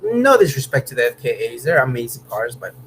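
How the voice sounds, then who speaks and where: A man's voice: mid-range voice, big pitch swings, fast talker, a bit bright, rough recording. Casual male streamer from Southern California, easygoing and chatty, faint hum under the voice. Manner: laid-back, chatty, says "man" and "bro" a lot, bursts of laughter. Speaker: host of a car channel livestream. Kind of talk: casual live-stream chat reading viewer comments. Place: home room.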